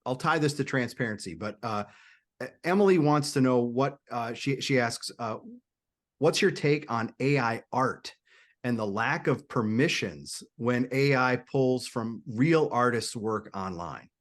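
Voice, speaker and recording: A man's voice: medium pitch, animated, measured pace. Hesitant male panel host. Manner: hesitant, many restarts and repeated words. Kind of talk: panel discussion, reading viewer questions.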